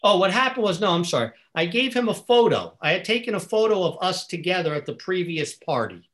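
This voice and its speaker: Earnest, animated storytelling man. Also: sits high, a little fast. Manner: earnest, animated storyteller who acts out dialogue. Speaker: guest. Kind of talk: storytelling in a podcast conversation.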